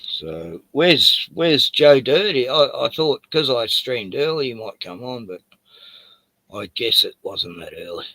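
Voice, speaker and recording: A man's voice: medium pitch, expressive, unhurried, pushed and bright, dry recording. An Australian man hosting a casual stream, rambling and laughing as he chats. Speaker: streamer host. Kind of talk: casual chat.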